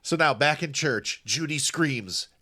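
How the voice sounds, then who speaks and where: A man co-hosting a podcast, recapping a film in casual chat with wry, animated storytelling. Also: a little high, measured pace. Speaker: podcast co-host.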